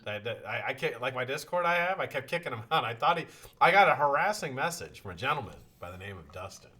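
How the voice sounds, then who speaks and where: A male live-stream host with a lively, swinging delivery and a bright, forceful tone. He greets his chat viewers one by one in a casual, swearing banter. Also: mid-range voice, quick pace.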